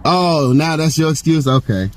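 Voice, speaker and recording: High-voiced, combative man. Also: lively intonation, moderate pace. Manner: firm, confrontational, swears often. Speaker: driver recording a traffic stop. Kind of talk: heated roadside argument. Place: seated in his car at the roadside.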